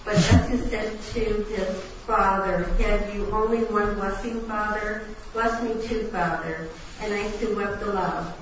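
A woman reads scripture aloud to a class, heard from a distance in a very echoey room. The lo-fi recording is dull and carries clear background noise. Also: medium pitch, unhurried. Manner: steady, plain reading with small slips. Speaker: class reader.

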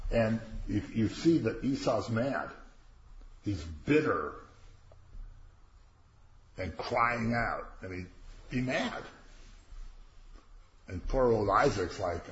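A man's voice: lowish voice, lively intonation, takes it slowly, pauses often. A man leading a casual Bible class, commenting on a reading and acting out the characters with slangy voices. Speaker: Bible teacher. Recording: roomy, dull lo-fi classroom recording.

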